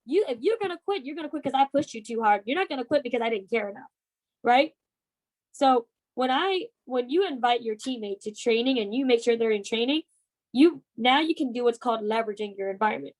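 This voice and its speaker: A woman's voice: on the high side, expressive, a little fast, poor audio. A woman in her twenties leading a motivational team training talk, emphatic and coaxing, often checking in with "right?". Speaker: team leader and sales trainer.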